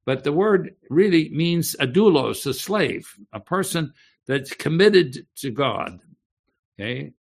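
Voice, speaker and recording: Teaching slowly and deliberately from the pulpit, this pastor has a slightly high, animated voice with vocal fry and some roughness. He lays out each point with care, checking in often with "okay?" to make sure people follow.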